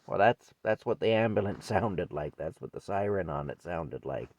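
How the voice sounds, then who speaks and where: Older man with a deep gravelly voice. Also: expressive, moderate pace, a little mellow, no room sound, lo-fi sound. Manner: rambling, folksy, repeats himself. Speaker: storyteller. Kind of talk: casual spoken memoir.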